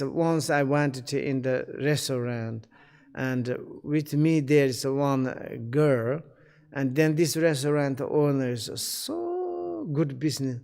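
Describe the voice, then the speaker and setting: A man giving a spiritual teaching in halting English, searching for words, with many fillers and throat-clearing. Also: on the high side, darkish tone, big-room sound. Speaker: Buddhist teacher.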